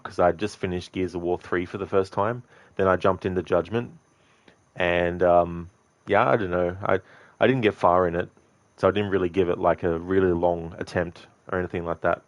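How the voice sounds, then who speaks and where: A man's voice: low-pitched, fairly even intonation, brisk, dry recording, highs cut off. A man streaming a game, rambling casually to his viewers, answering them and swearing freely. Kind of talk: casual live-stream chat.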